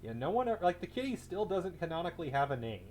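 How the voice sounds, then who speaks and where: A man giving live gameplay commentary as a streamer, chatting with viewers at a desk mic and breaking into loud, excited yelling. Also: fairly high pitch, fast, slight background noise. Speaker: game streamer.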